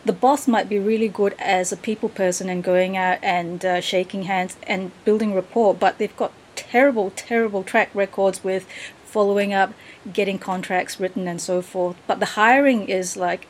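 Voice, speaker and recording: A woman's voice: mid-range voice, steady tone, moderate pace, a little hiss or hum, poor audio. A woman hosting an interview in a conversational way, often ending her points with tag questions. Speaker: host.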